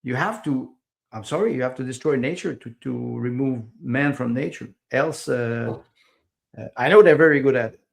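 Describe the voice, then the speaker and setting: A man's voice: medium pitch, normal speed, gravelly. A man speaking as a podcast guest in casual conversation, hesitant, with many fillers and repeated words, and small grammar slips of a second-language English speaker.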